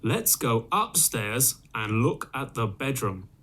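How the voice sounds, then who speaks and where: Man as a great big father bear, slow, heavy, lively pitch, storybook. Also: full character voice. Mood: gruff.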